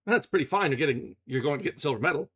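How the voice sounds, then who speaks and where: A man's voice: fairly high pitch, expressive, racing, fairly bright tone, pitched above the performer's own voice. A man reading aloud and voicing a conceited young soldier who talks in a breezy, boastful way.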